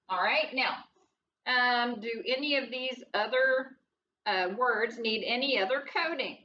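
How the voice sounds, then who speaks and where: A woman's voice: fairly high pitch, unhurried, sharp tone, far from the mic. A woman teaching a first grade phonics lesson in a patient, sing-song teacher voice, asking the class questions and answering them herself. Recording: dull roomy sound from away from the mic with faint noise.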